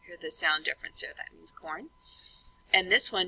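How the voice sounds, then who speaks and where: A woman teaching a classroom lesson, slowly and deliberately spelling out letters one at a time. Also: on the low side, animated, pushed and bright, breathy edge, no echo, poor audio. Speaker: French teacher.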